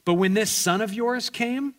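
Resentful grown son, self-justifying and aggrieved, put on by a male preacher; lifted, higher voice. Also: a little slow.

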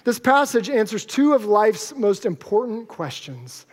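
A man's voice: high-pitched, very animated, unhurried. A male pastor preaching a sermon to a live congregation, conversational and joking with the audience. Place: church sanctuary with live congregation. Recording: long hall reverb.

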